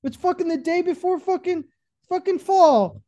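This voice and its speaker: A man's voice: very high-pitched, normal speed, warm tone, pitched above the performer's own voice. A man putting on a rambling old president voice that slides into an Italian gangster accent. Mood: complaining.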